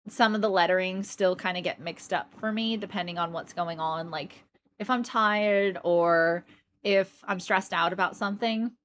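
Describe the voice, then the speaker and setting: Woman, American accent with a British tinge, unhurried, rambling casual stream chat. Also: medium pitch, fairly bright tone. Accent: American with slight British influence. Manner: chatty, rambling, thanks viewers. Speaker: Twitch streamer.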